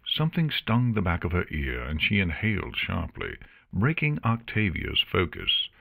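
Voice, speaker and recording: A man reading an audiobook, narrating in an expressive storytelling manner. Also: low voice, normal speed, creaky, no room sound, clean studio sound. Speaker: audiobook reader.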